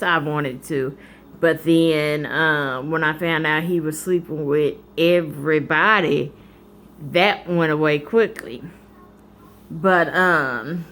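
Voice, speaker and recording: A woman vlogger telling a personal story in a candid, animated, colloquial way. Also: low-pitched.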